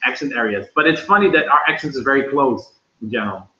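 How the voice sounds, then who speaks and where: Talking fast in a bright, forceful tone, a young vlogger from the Netherlands with a Dutch accent laughs and chats casually while reading his livestream chat aloud. The sound is low-fi and dull, in an echoey room.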